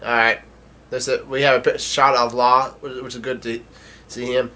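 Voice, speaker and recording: Man, casual live comic read-along, bright forceful voice, frequent restarts. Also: medium pitch, flat delivery, moderate pace. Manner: narrates with restarts and stumbles. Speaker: comic reaction streamer.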